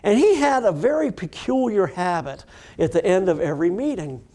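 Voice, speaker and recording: Animated storytelling man, slightly high voice. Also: normal speed. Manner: animated storyteller who acts out dialogue; self-mocking, humorous. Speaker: addiction recovery doctor giving a talk. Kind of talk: personal storytelling in a recovery webcast.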